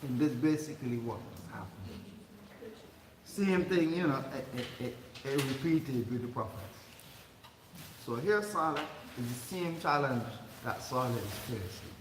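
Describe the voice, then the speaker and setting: In a noisy, echoey mosque hall picked up by a distant mic, a religious teacher gives an informal Quran commentary class. His medium-pitched voice is animated and at normal speed, and he chats, laughs often, and repeats himself.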